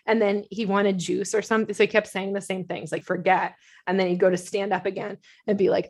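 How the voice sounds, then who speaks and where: A middle-aged woman co-hosting a casual chat podcast, telling stories in an animated way and laughing often. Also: medium pitch, fairly quick, few pauses, breathy edge. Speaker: podcast co-host.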